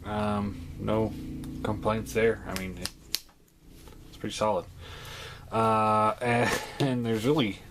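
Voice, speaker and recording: A man with a fairly low voice reviews a toy for his vlog, stopping often with ums and uhs as he chats along. His talk is relaxed and unscripted. Steady background noise sits under the recording. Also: takes it slowly, long pauses.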